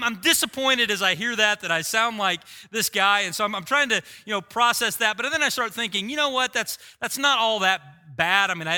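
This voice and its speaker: A middle-aged man preaching a sermon, telling a self-mocking story with animated, humorous delivery. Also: high-pitched. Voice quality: voice likened to a screaming rock singer. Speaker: pastor.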